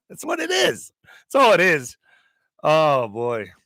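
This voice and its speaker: On his online commentary show, a man reads news items aloud and breaks off into profane, sarcastic asides. His highish voice is pushed and bright, swings hugely in pitch, drags slowly, and carries vocal fry. The recording is dry and rough.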